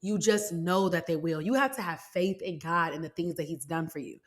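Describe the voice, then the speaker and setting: A woman's voice: lowish voice, fairly quick. Woman, 20s, podcast host, earnest, conversational, personal faith talk. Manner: earnest, conversational, addresses listeners directly. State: close to tears.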